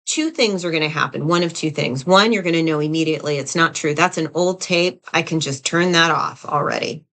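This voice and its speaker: A woman's voice: low voice, moderate pace, few pauses, fairly bright tone. A woman leadership coach teaching to camera in a conversational way, repeating phrases and tagging sentences with "right?" and "you know". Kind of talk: direct-to-camera teaching talk.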